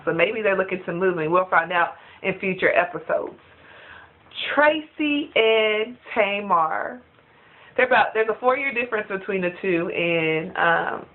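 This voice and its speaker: Woman vlogging gossip through a tinny line. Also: medium pitch. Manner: animated, gossipy, laughs often, quotes people. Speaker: reality TV reviewer. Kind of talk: casual chatty review vlog. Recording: tinny phone-like sound.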